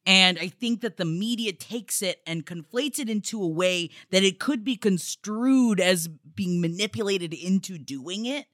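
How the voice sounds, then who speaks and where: A woman's voice: mid-range voice, a little slow, hardly any pauses, fairly bright tone, no echo, clean studio sound. A woman co-hosting a podcast, chatting casually and animatedly, sometimes swearing. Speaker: podcast co-host. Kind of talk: casual chat.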